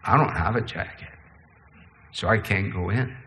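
A man preaching a sermon, shifting between slow, low passages and quicker, higher ones. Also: sharp tone, in a large hall. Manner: preaching with sweeping pitch and pace changes. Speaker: pastor.

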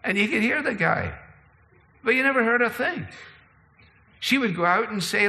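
A man preaching a sermon, shifting between slow, low passages and quicker, higher ones. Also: lively intonation, gravelly, sharp tone, big-room sound. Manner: preaching with sweeping pitch and pace changes. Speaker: pastor.

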